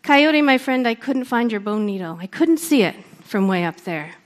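A woman voicing a helpful, caring male owl in a told story, asking gentle, concerned questions. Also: on the high side, animated, moderate pace, natural voice.

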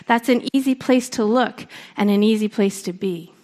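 A woman's voice: medium pitch, darkish tone. Earnest woman storyteller giving a speech. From Canada. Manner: earnest, deliberate emphasis. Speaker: storyteller and speaker. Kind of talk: public speech to an audience.

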